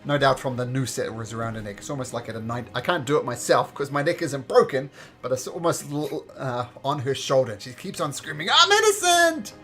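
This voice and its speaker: A man narrating a tabletop game as game master, halting with fillers and restarts. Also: mid-range voice, fairly bright tone, faint music behind.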